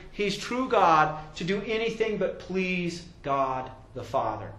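A man preaches a sermon in a high, lively voice that climbs and drops all over. He grows loud and emphatic whenever he quotes scripture. The sound carries the roomy echo of a church hall. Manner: emphatic, swells loud when quoting scripture.

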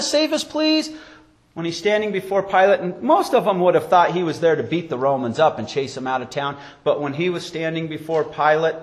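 A pastor preaches a sermon, telling stories and acting out quotes as his high-sitting voice rises and drops sharply.

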